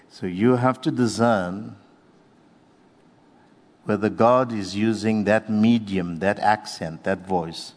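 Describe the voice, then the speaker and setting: Low-voiced preacher in a reverberant hall. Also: male voice, darkish tone. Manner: earnest, unhurried teaching with slow emphatic phrases. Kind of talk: sermon.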